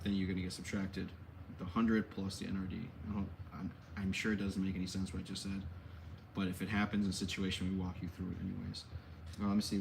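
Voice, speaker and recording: A man's voice: on the low side, darkish tone, slight background noise. A man hosting a casual Q&A for his collectibles shop, rambling and correcting himself as he goes, with easygoing slang. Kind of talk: casual livestream Q&A.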